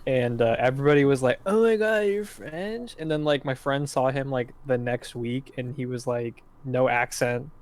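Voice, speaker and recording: A man playing a tabletop game, chatting in lively, exclaiming banter. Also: medium pitch, normal speed, hardly any pauses. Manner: animated storytelling, exclaiming. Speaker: player.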